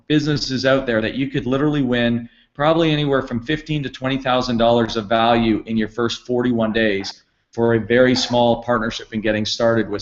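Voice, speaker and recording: A middle-aged man hosts a company conference call with upbeat, promotional energy. His voice sits at an ordinary pitch, and he leans on plenty of fillers. The call audio is muffled and lo-fi. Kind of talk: enthusiastic sales kickoff call. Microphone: conference call line.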